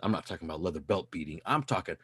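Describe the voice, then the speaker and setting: Husky, fired-up podcast host man. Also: deep voice, rapid-fire, no room sound. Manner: profane, fired-up ranting. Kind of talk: casual podcast chat.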